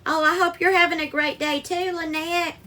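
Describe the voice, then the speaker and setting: A woman chats her way through a live cooking stream, her voice high and bright with a sharp edge. She greets viewers one by one by name and calls them darling while she cooks. It sounds picked up by a phone in a home kitchen. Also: level tone, normal speed.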